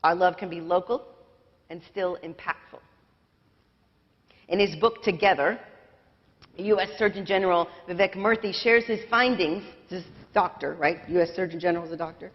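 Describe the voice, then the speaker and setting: An American woman pastor preaches with an easy, conversational warmth, poking fun at herself as she goes. Her voice rings out with a long reverb through the church sanctuary. The livestream sound is muffled and dull. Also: fairly low pitch, moderate pace. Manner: conversational, self-deprecating, sings snatches of lyrics. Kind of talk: sermon.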